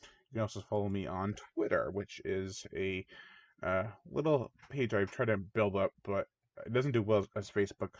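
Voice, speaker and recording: A man's voice: on the low side, moderate pace, dry recording. A man hosting his own channel, giving a rambling, casual spoken review of a film and often mimicking the characters. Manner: rambling, chatty, mock voices for characters. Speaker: movie reviewer, channel host. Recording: dull lo-fi dry recording.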